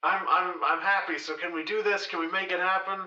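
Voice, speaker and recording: A man voicing an eager, nervous male client in a comedy audio sketch, halting. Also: high-pitched, steady tone, sharp tone, reverberant, far from the mic, lo-fi sound.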